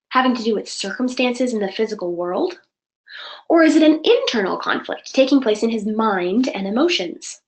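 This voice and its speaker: A woman's voice: medium pitch, rough recording. Chatty woman teaching an online writing class. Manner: chatty, encouraging, self-correcting. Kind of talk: live online class instruction. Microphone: computer mic for online class.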